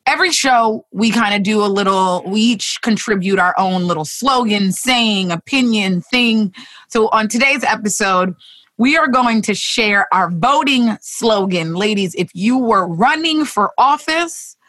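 A woman hosting a casual podcast roundtable, animated and joking with her guests. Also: medium pitch, unhurried. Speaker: podcast host.

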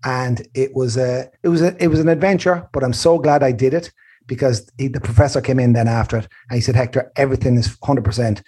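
A man's voice: mid-range voice, quick pace, breathy edge. A middle-aged man with an Irish accent, chatting casually as a host and telling a story with lots of swearing and acted-out voices. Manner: animated storyteller, swears freely, acts out other voices. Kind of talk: casual chat.

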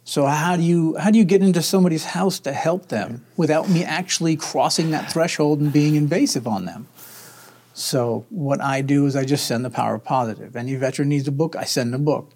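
A man's voice: a little high, brisk, a little mellow. A man who is a veteran, telling his personal story in an interview in an earnest, upbeat way. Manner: earnest, upbeat, acts out his own inner voice.

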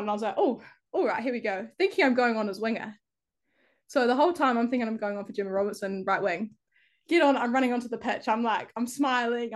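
A young woman with a New Zealand accent, a football player talking casually as a guest, laughing often and filling her talk with "like". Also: on the high side. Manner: laughs often, heavy use of "like". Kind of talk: casual interview chat.

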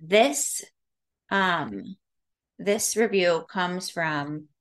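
Brief: woman co-host, casual podcast chat, quick asides. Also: fairly low pitch.

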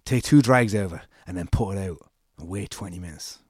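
A man's voice: deep voice, fairly quick, a little mellow, slightly rough, no echo, clean studio sound. A man with an Irish accent telling a long, rambling anecdote in casual chat, acting out the quoted lines and swearing freely.

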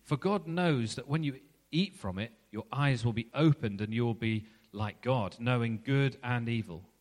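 A man's voice: medium pitch, moderate pace, a little mellow, natural voice. A man reading the lines of a crafty male serpent aloud, voice lifted slightly, with long hall reverb. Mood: coaxing. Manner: read aloud with a lightly raised voice.

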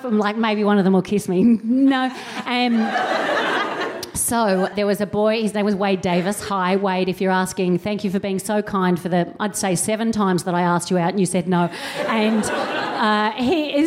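A woman in her late thirties, a podcast co-host, telling a comic story at a live show and acting out other people's voices with big jumps in pitch. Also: a little mellow.

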